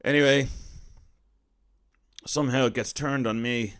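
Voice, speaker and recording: Irish man, thirties, mid-pitched, wry self-deprecating comic storyteller. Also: fairly even intonation, unhurried, a bit bright, clean tone. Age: 30s. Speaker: comedian storyteller.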